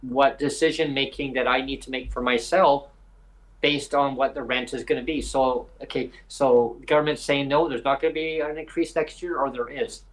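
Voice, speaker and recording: A man's voice: medium pitch, steady tone, moderate pace, low-quality recording. A man from British Columbia, Canada, hosting a live podcast. He talks in a rambling, emphatic way with many hesitations. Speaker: podcast host. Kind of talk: live podcast advocacy talk.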